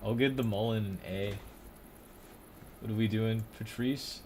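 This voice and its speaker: A man's voice: on the low side, steady tone, a little slow, a little mellow, a little hiss or hum. A young man casually commenting on a stream, rambling, swearing and often breaking into laughter. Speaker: streamer ranking comedians.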